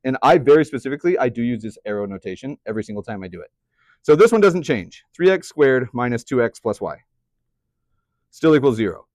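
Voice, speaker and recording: A man's voice: medium pitch, lively intonation, fairly quick, a little mellow, no echo, clean studio sound. A young man teaching a math class, chatty, often putting questions to the students. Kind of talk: classroom lecture.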